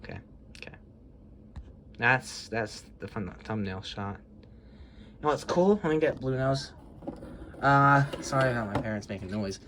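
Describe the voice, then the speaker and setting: A man's voice: medium pitch, expressive, a little slow, pauses often, fairly bright tone, slight background noise. A teenage boy showing off his Lego models in a casual, rambling vlog, chatty and self-conscious, often apologizing and giggling. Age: teens.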